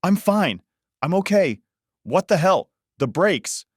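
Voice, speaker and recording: Guy putting on a drunk dazed man, slurry, way higher pitched and loud, dry sound. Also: sing-song, slow, no room sound, heavily acted. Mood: slurring dazed. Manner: slurred, confused.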